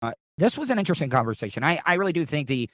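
A man's voice: on the high side, sing-song, rapid-fire, fairly bright tone, no echo. A man hosting his podcast in casual chat, talking in a rambling way with lots of restarts and swearing. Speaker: podcast host.

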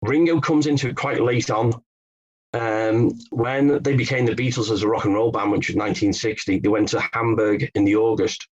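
British author with husky voice. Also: male voice, fairly low pitch, fairly even intonation, moderate pace, highs cut off. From England. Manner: hesitant, restarts, storytelling. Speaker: guest author. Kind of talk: conversational interview.

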